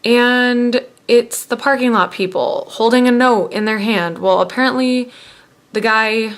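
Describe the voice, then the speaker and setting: A woman's voice: on the high side, measured pace, fairly bright tone. A young woman recounts her day in a loose, rambling way. Her talk is casual and full of fillers and restarts, as if to a friend. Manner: rambling, filler-heavy storytelling. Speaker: vlogger. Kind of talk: casual storytelling chat.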